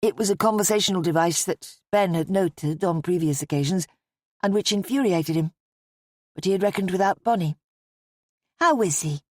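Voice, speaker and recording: In clean, dry studio audio, a woman with a fairly low voice narrates an audiobook from a script, keeping her storytelling steady and measured.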